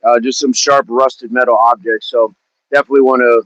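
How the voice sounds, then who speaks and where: Warming up in a park during a fitness live stream, a cheerful man chats casually, calls out viewers by name and repeats himself. His voice is at an ordinary pitch, dry and close with no echo, delivered flatly and a little fast in dull audio.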